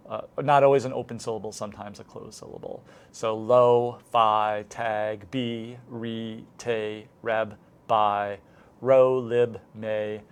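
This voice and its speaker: A man's voice: mid-range voice, clear, resonant tone. A man instructor talking through a lesson plan step by step, modeling the wording a teacher would use. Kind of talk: recorded lecture walkthrough.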